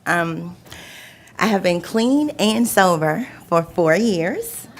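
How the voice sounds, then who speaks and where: Woman speaking slowly at a public podium, heartfelt, repeats herself, laughs mid-sentence. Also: on the low side, expressive, very noisy. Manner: emotional, laughing between words, repeating phrases. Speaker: public commenter, recovery home resident. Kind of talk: personal testimony at a public meeting.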